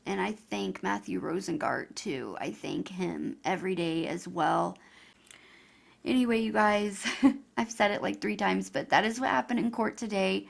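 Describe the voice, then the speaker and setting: A woman's voice: medium pitch, unhurried, creaky. A woman vlogger talking emotionally and chattily to her viewers. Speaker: YouTuber. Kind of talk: casual vlog commentary.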